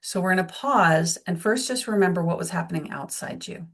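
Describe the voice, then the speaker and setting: A woman in her forties presenting a workshop, talking in a gentle, reflective way and acting out the voices she quotes. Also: on the low side, fairly quick. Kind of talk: guided teaching talk.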